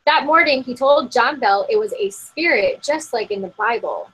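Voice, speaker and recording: A woman's voice: high voice, animated, normal speed, fairly bright tone, slightly rough, poor audio. A woman co-hosting a podcast, reading a spooky story from an article in a casual, giggly way and often saying "like". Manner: giggly, heavy use of "like". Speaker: podcast co-host. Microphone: remote call.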